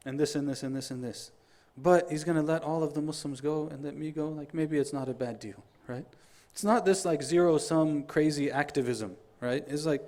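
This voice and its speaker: A middle-aged man giving a Friday sermon, telling stories in an animated way, acting out the dialogue and reciting quotations quickly. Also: a little high. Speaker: preacher.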